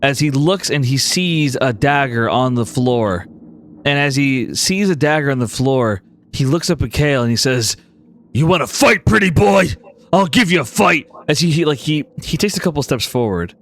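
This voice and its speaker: A man's voice: medium pitch, lively intonation, normal speed. A man narrating a tabletop game as game master in a casual manner, full of fillers.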